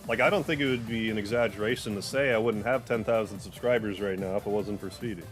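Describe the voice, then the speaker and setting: A man hosting a gaming livestream, chatting loosely while playing and cooing softly at his cat. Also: on the low side, quick pace. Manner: rambling, loose, full of "like"; softens to a coo when talking to his cat. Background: game music.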